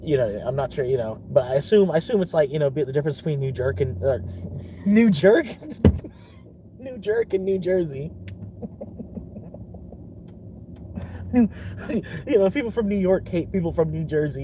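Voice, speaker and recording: A man's voice: medium pitch, highs cut off, slight background noise. A young man from Florida in a casual rambling vlog, swearing often and laughing between thoughts. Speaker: vlogger.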